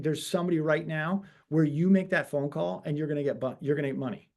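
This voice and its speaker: This is a man in his forties, a real estate broker who guests on a webinar. His voice sits high for a man. He tells his stories with energy and acts out each exchange he quotes. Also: quick pace. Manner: animated storyteller acting out quoted dialogue. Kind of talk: webinar interview storytelling.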